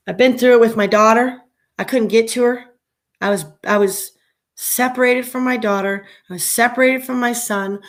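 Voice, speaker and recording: A middle-aged woman hosting a casual livestream, impassioned and often repeating herself, her stream sometimes choppy. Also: mid-range voice. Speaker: livestream host. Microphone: internet stream with choppy audio.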